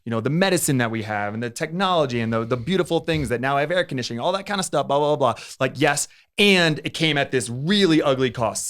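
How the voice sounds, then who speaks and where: A man, a high school history teacher, speaks as a guest on a podcast in a quick, emphatic way, swearing casually as he goes. His voice sits a little higher than most men's. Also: fairly bright tone.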